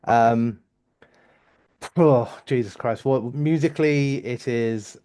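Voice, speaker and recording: A man's voice: mid-range voice, takes it slowly, mellow, smooth. A man co-hosting a music reaction show, explaining an album in casual, rambling talk, often restarting as he hunts for words. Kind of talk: casual chat.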